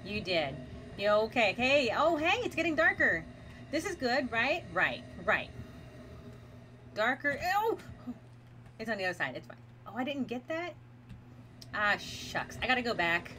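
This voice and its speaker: Bright, lively woman streaming a game. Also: on the high side, a little slow, long pauses, slight background noise. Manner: chatty, talks to chat while playing, laughs often; nervous self-reassurance while playing a horror game. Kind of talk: casual gaming commentary.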